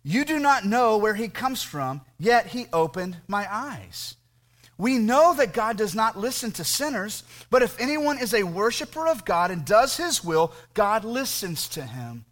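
A once-blind man speaking up with earnest, plain conviction, as a male preacher puts him on. His voice sits fairly high and moves a lot, slowing down on the key words. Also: sing-song, fairly bright tone, exaggerated voice.

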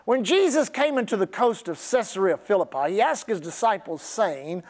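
A man's voice: high voice, lively intonation. A middle-aged man preaching a sermon as pastor, stretching key words and calling on the congregation to repeat after him. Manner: preacherly, drawn-out emphasis, audience call-and-response.

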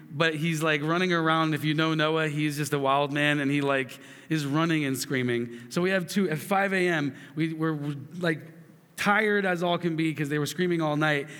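Guy in his 30s preaching, bit high voice, echo trailing off like a big hall, keeps restarting his sentences. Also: a bit bright. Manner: earnest storytelling with asides and repeated restarts. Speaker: pastor. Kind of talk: sermon.

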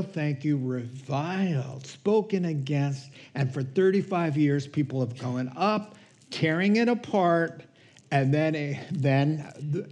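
A man preaching a sermon as pastor, slow and conversational, chuckling between points. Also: a little high, darkish tone.

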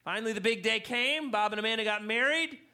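High, bright-voiced male pastor. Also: quick pace. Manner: animated storyteller, rising in volume for emphasis. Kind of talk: sermon with a humorous story. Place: church hall.

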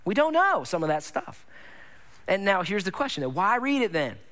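Male pastor preaching, high bright voice, chatty and excited, keeps checking in with the crowd. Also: normal speed. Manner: conversational, enthusiastic, addresses congregation as gang. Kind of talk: sermon.

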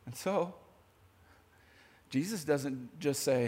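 A man preaching a sermon in a lively, conversational way, talking straight to his audience. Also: mid-range voice, a little slow, pauses often, breathy edge. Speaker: pastor. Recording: long hall reverb.

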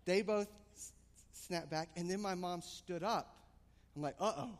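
Male pastor, slightly high voice, lively storyteller, long hall echo. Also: unhurried. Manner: animated storytelling, rising excitement. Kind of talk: sermon with personal story.

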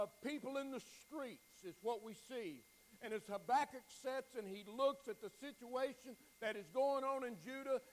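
A man preaching a sermon, swinging from near-shouted pleading down to hushed, quiet passages, often repeating words as he builds. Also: very high-pitched, rough recording. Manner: repeats words and restarts lines.

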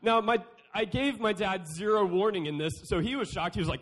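A man's voice: high-pitched, expressive, measured pace. A young man giving a playful youth sermon, joking and acting out quotes. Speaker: youth speaker.

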